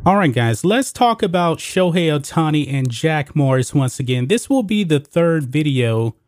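A man's voice: on the high side, very animated, normal speed, darkish tone, faint music behind. A man hosting opinionated sports commentary, emphatic and repetitive, calling viewers guys.

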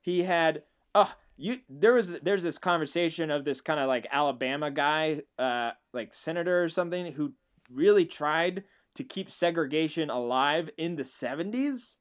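A man's voice: fairly high pitch, normal speed, clear, resonant tone. A young man co-hosting a casual podcast, hesitant and full of fillers. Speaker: podcast co-host. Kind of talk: casual chat.

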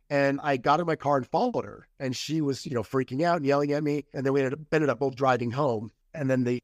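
A middle-aged podcast guest candidly tells a personal story in casual conversation, acting out the quoted lines. His voice is medium-pitched, recorded at studio quality with no echo.

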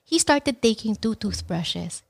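A woman's voice: mid-range voice, a little slow, creaky, husky. A woman with a Filipino accent, a podcast guest animatedly telling stories in casual chat and mixing Tagalog with English. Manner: animated storytelling, switching between Tagalog and English.

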